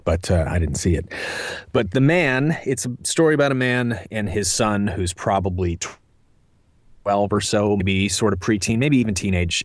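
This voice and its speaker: A man's voice: fairly low pitch, no room sound, studio quality. A middle-aged man, a voice actor, answering interview questions in a thoughtful, meandering way with many fillers. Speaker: voice actor guest.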